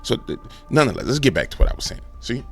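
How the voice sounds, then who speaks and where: A man hosting a commentary show, ranting in a fervent, animated way. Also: mid-range voice, fast talker, gravelly, faint music behind. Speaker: host. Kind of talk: fiery commentary vlog.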